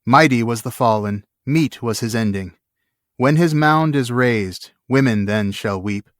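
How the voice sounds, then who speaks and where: A man reading aloud as a grief-struck young warrior king, shouting in wild despair. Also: mid-range voice, unhurried, no echo, studio quality, natural voice. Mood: solemn.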